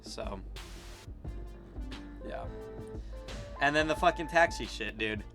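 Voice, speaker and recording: A man's voice: medium pitch, expressive, slow pace, over music. A young American man streaming, chatting casually and reacting with loose slang, frequent swearing and laughs. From United States.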